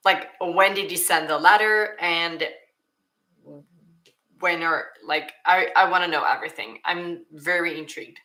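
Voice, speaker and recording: Her voice sits on the low side, bright and forceful, with fairly even intonation and a measured pace. This Swedish-born streamer, whose first language is Swedish, hosts a casual livestream Q&A, reading questions aloud and often restarting what she's saying.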